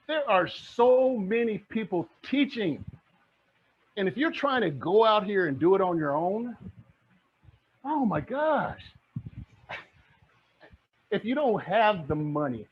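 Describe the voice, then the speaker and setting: Middle-aged male mentor, high husky voice, fiery motivational pitch, muffled lo-fi recording. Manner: fired-up, preachy, repeats phrases. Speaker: guest speaker, real estate mentor. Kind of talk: motivational talk. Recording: dull lo-fi sound.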